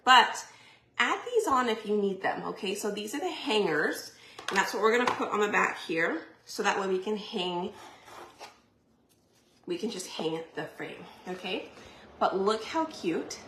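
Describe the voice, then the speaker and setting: A woman's voice: medium pitch, lively intonation, unhurried. Chatty young woman crafting live, roomy sound. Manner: chatty, giggly, talks to viewers while crafting. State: pregnant and out of breath at times. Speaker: crafting live stream host. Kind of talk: casual live stream chat. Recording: echoey room, faint noise.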